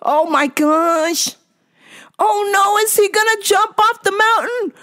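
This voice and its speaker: A woman putting on a shrill, gushing old lady. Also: takes it slowly, pushed and bright, heavily acted. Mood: gushing, alarmed. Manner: shrill, fussing warnings at the screen. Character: gushing old lady moviegoer, loud and excitable.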